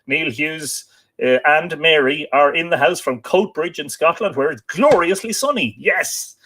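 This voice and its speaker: A man's voice: on the high side, animated, unhurried, sharp tone, a little hiss or hum. An Irish man hosting a live stream from his home library, reading out viewer comments in a chatty, teasing way with frequent fillers. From Ireland.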